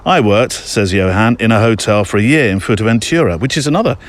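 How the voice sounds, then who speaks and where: A man's voice: lowish voice, quick pace. A British man hosting a podcast, reading listener mail aloud in a casual, chatty way with joking asides. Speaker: podcast host.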